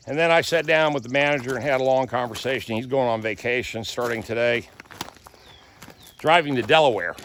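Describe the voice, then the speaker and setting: A man's voice: medium pitch, brisk, fairly bright tone, a little hiss or hum. Guy chatting outdoors on a farm, folksy storyteller, faint country sounds behind. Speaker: vlogger. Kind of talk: casual vlog walk-through. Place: rural garden outdoors.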